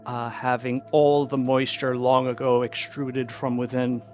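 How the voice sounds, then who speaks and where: A man narrating a tabletop game as game master, slowly describing the scene with occasional fillers. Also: mid-range voice, flat delivery, a little mellow, faint music behind. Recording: dull lo-fi recording.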